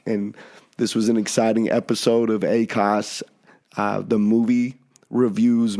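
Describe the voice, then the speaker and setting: Easygoing podcast dad. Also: male voice, fairly low pitch, vocal fry, dark tone. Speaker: podcast host. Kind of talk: casual family podcast chat. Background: faint music.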